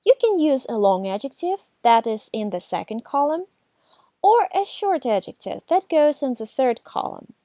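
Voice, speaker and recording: A woman giving a scripted beginner language lesson, reading numbered examples and saying the foreign words slowly and carefully. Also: sits high, big pitch swings, mellow, no room sound, clean studio sound. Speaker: language teacher.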